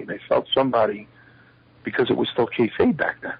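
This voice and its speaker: Older male guest telling stories, low husky voice, slightly dull interview audio. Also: fairly quick, slight background noise. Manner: animated storyteller acting out quoted dialogue. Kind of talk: shoot interview storytelling.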